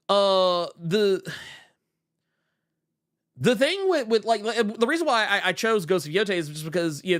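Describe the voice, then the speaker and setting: Lively, animated podcast host. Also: male voice, sits high. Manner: animated, excitable, trails off and restarts, slangy. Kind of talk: casual pop-culture chat.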